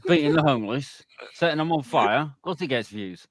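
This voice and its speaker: A man's voice: a little high, lively intonation, brisk. A man guesting on a gaming podcast, laid-back with dry jokes. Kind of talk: casual chat.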